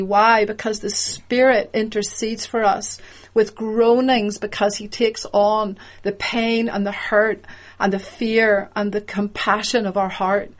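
A woman preaching a sermon in a measured, emphatic way, explaining the meaning of words as she goes. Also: mid-range voice, little pitch movement.

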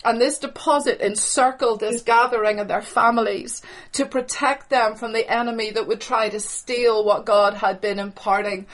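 A woman delivering charismatic prophetic prayer over a video call, fervent, with breathy exclamations. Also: on the high side, steady tone, moderate pace, hardly any pauses, low-quality recording.

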